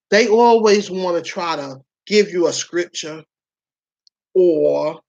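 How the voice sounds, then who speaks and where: Lady hosting a chat show, keeps laughing, real frank and playful. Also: deep voice. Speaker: host. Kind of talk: casual chat.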